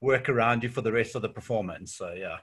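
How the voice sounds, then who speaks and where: South African man, interview guest, bright voice, relaxed filler-laden storytelling. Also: on the low side, fast talker, slightly rough. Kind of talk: casual chat.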